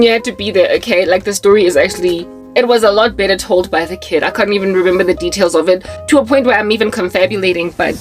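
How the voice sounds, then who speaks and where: Lady vlogging, chatty and animated, tells a story then preaches, faint music behind. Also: mid-range voice. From South Africa. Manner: animated, chatty, with many fillers. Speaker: Christian vlogger.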